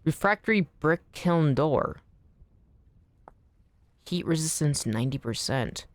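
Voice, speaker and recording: Chatty low-voiced woman streaming a game. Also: animated, slow pace, no room sound. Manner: chatty, rambling, swears casually. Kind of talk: casual gaming stream chat. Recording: faint background music.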